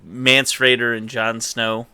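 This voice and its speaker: A man chats through a TV episode on a podcast, rambling and tossing in quick quotes of the characters. His voice is bright and crisp. It sounds dry and close to the mic. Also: mid-range voice, level tone, dry recording. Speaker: podcast co-host recapping a TV episode. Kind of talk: casual chat.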